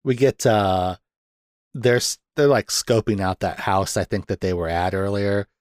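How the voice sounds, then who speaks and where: A man's voice: fairly low pitch, a little slow, dry recording. A man hosting a podcast, casually retelling film scenes with lots of laughter and acted-out quotes. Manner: animated retelling, acts out quotes, laughs often. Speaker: podcast host. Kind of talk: casual movie discussion.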